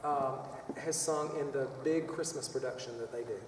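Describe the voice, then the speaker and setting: A man's voice: medium pitch, fairly even intonation, normal speed, noisy background. A man leading a children's choir workshop, chatty and rambling, with playful vocal demonstrations. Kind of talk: music workshop lesson. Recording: echoey hall from far off.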